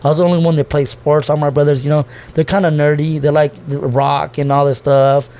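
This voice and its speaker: A young podcast guest with a slightly high, warm voice speaks a little fast with flat delivery. Talking emotionally and loosely about his family, he swears, restarts, and says "bro" over and over. It's a casual, heartfelt conversation.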